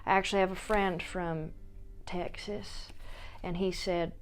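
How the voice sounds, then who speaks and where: A woman's voice: on the low side, little pitch movement, brisk, clean tone. A woman vlogging about her books in a casual, playful way, with jokey asides. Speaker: book vlogger. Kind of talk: casual chat.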